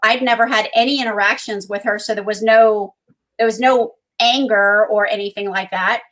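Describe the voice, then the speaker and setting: A woman's voice: mid-range voice, steady tone, moderate pace, fairly bright tone. A woman co-host telling a personal story in conversation, earnest, with frequent ums. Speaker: co-host and guest.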